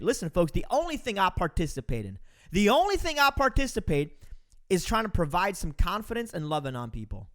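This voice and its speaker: Emphatic preachy man with a lively high voice. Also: fairly quick. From Romania. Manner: preachy, emphatic, addresses listeners as folks. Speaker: podcast host. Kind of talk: motivational monologue.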